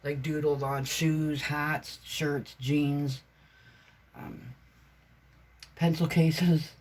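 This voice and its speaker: A woman's voice: deep voice, level tone, drawn-out words, a little mellow. A woman vlogger chatting casually about her crafts, meandering and chatty with many fillers and self-corrections. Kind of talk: casual rambling vlog chat.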